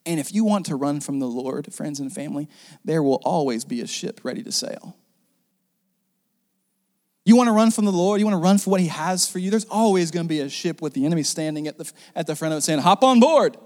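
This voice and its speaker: High-voiced preacher in a reverberant hall. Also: male voice, fairly quick. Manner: animated, jokey, acts out the characters. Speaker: pastor. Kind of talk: sermon. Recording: long reverb of a large hall.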